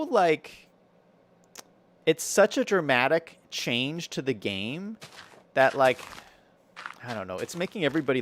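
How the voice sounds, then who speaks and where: A man's voice: medium pitch, a little hiss or hum. A man streaming a building game, chatting casually with viewers and thinking aloud as he builds, with an American accent and frequent laughs.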